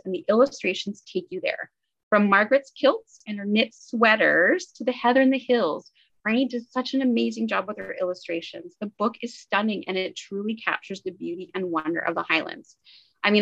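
A woman's voice: mid-range voice, creaky, fairly bright tone, lo-fi sound. A woman from Canada co-hosting a book podcast, chatting enthusiastically and rambling with fillers and asides. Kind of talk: casual book review chat.

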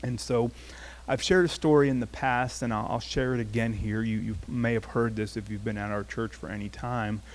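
Man, pastor, conversational sermon storyteller, mid pitch. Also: normal speed. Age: adult, past his teens. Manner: conversational, animated storytelling with acted quotes.

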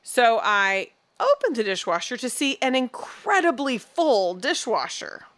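A middle-aged woman co-hosting a podcast, telling a family story in an animated, chatty way and slipping into voices when she quotes people. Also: a little high, measured pace. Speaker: podcast co-host. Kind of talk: casual chat.

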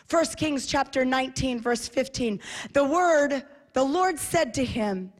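High-voiced woman preaching emphatically. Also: measured pace. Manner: emphatic, repeats phrases, drops to soft voice for quiet parts. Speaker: preacher and TV host. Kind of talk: sermon.

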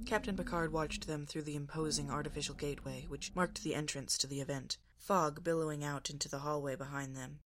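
A woman podcast reader narrating a fan story in a calm, even way. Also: low voice, moderate pace, hardly any pauses, a little hiss or hum. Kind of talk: scripted narration.

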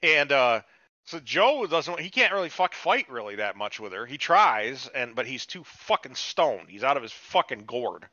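A man rambles through a story on a podcast, swearing freely and jumping his pitch up whenever he quotes a character. His voice has a bright, forceful edge. The recording is dry and slightly muffled. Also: very animated, moderate pace, dry recording. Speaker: podcast co-host. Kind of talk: casual chat, retelling a TV episode.

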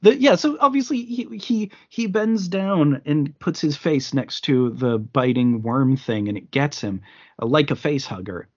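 A man's voice: a little high, expressive, unhurried, darkish tone. A man co-hosting a podcast, chatting casually about films, rambling with frequent restarts and fillers. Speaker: podcast co-host. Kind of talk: casual film discussion. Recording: slightly muffled lo-fi podcast audio.

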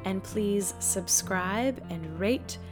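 A woman's voice: mid-range voice, very slow, over music. A woman hosting a podcast, bubbly and enthusiastic as she opens the episode and interviews her guest. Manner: bubbly, enthusiastic, warm toward listeners. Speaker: podcast host. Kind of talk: upbeat podcast intro and interview.

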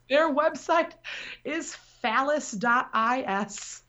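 A woman's voice: high voice, expressive, very slow, noisy background. A woman hosting a casual chat, telling a story in a rambling way and laughing often. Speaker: podcast host.

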